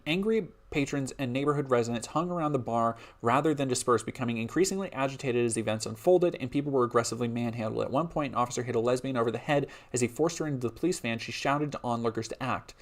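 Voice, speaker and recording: A man streaming live reads a history script in an everyday mid-pitched voice. He breaks off often for loose, laughing asides to his chat, then returns to the reading. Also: quick pace, few pauses. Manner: casual, laughing asides between read passages.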